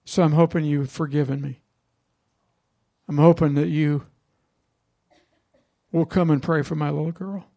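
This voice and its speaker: A male pastor delivers a sermon in a conversational storytelling style, often turning to the congregation with questions. His voice is gravelly and sits slightly high for a man. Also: steady tone, a little slow, long pauses, warm tone.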